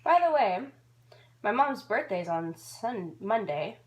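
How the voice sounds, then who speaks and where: A woman's voice: medium pitch, animated, a little slow. Bubbly young woman rambling while baking. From Georgia, USA. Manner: bubbly, rambling, self-mocking. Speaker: vlogger. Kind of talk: casual chat while baking.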